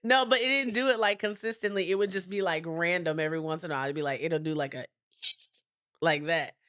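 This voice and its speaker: A woman, co-hosting a podcast, lively and teasing with quick comebacks. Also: fairly low pitch, no room sound. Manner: animated, teasing, quick retorts. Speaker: podcast co-host. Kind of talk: casual chat.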